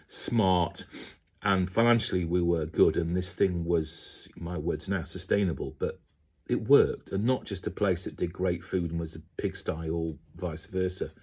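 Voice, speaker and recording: A deep, slightly mellow male voice with a breathy edge rambles through memories of working in kitchens as a chef. He's a chatty, casual storyteller who often slips into quoted voices, mimicking the people he describes.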